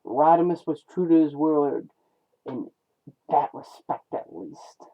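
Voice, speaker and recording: A weary male robot warrior looks back on his lost world, voiced by a man reading a comic aloud. He speaks slowly and solemnly and stumbles over the odd name. The voice sits a little high, and it comes through thin and phone-like. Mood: somber. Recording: tinny phone-like lo-fi sound.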